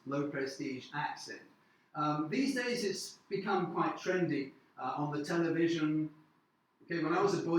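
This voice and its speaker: Man lecturing in an echoey room. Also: a little high. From Newcastle, north of England. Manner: halting, many fillers and restarts, checks in with "okay?". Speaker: university lecturer. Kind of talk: classroom lecture.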